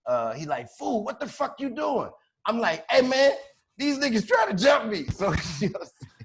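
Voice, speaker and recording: This podcast co-host, a Chicago man, spins a wild tale casually, cracking up as he talks. His pitch is a little high with a fairly bright tone, and his language is loose, slangy, and profane.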